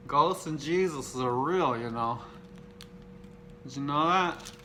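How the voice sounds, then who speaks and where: A man's voice: on the high side, slow pace, slight background noise. Crude, jokey man in an unboxing vlog. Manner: crude, profane joking; deadpan self-mocking. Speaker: video host.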